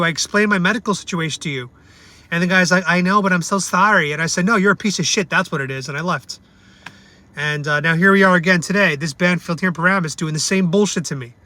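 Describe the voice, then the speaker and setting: Bright-voiced man ranting bluntly. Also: a little high. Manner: angry, blunt, swears often; repeats himself for emphasis. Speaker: vlogger. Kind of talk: ranting review vlog.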